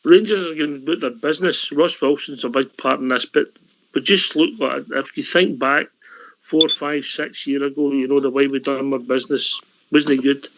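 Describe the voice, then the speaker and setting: A man hosting a call-in radio show, brisk and matey as he steers the talk. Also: mid-range voice, fairly even intonation, fairly bright tone. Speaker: host. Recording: slightly dull lo-fi audio.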